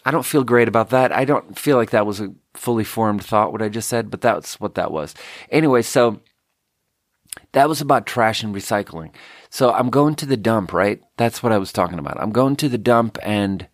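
A man's voice: lowish voice, normal speed, no room sound, studio quality. A man from Sweden, telling a rambling story in a casual solo monologue full of "like". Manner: casual, meandering, lots of "like".

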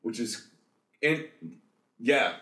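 A man's voice: medium pitch, lively intonation, fairly bright tone, reverberant. A man co-hosting a podcast, chatting eagerly and rambling about a musical he loves. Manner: enthusiastic, rambling, quick asides. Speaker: podcast co-host. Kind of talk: casual chat about a musical.

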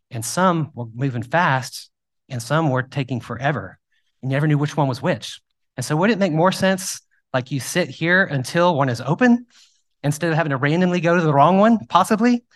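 A man preaching a sermon, telling self-deprecating personal stories in a conversational, animated way. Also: a little high. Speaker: pastor.

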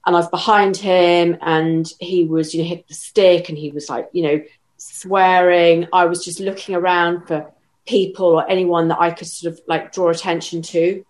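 Low-voiced woman recounting an ordeal. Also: steady tone, a little mellow. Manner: measured, halting retelling with restarts. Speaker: interviewee. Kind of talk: personal account in an interview.

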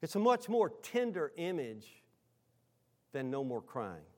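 Speaking directly to his congregation, a male pastor gives a conversational sermon that swings between loud emphasis and hushed, nearly whispered lines. His voice is on the high side, very animated, and slow.

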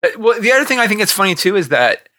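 A man's voice: high-pitched, big pitch swings, rapid-fire, sharp tone. A man co-hosting a podcast, talking about movies in a loose, rambling way with swearing and restarts. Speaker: podcast co-host. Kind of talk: casual movie chat.

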